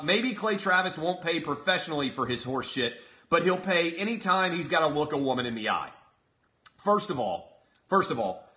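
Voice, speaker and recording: Brash, forceful male show host. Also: on the high side. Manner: brash, profane, mocking. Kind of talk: comedic commentary rant.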